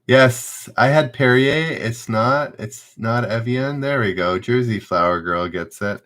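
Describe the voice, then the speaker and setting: A man's voice: mid-range voice, unhurried, a bit bright. A man hosting a live-streamed trivia game, reading questions aloud and chatting loosely with viewers.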